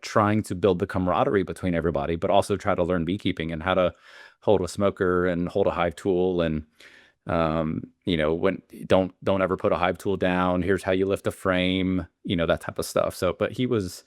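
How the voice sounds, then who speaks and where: A man's voice: low voice, fairly even intonation, moderate pace, no room sound, clean studio sound. A man, a beekeeper guest telling stories in a rambling way, full of fillers and restarts. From Alabama. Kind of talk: casual interview storytelling.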